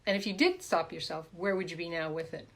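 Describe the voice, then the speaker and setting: A woman hosting a live stream as a coach, talking casually and warmly greeting viewers by name with repeated welcomes. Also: on the low side, fast talker. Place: home, in a room.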